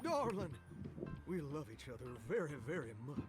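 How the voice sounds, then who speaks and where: An actor playing a lovestruck male would-be singer with old-fashioned slang, heard over loud game music. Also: a little high, huge pitch swings, normal speed. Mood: smitten. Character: dreamy male singer suitor, slangy and smooth.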